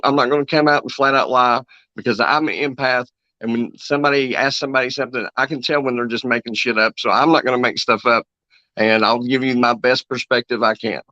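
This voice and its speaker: A man's voice: medium pitch, bright, forceful tone, no echo. A man with a Kentucky accent, guesting on a casual chat show, joking and sarcastic. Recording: muffled lo-fi audio.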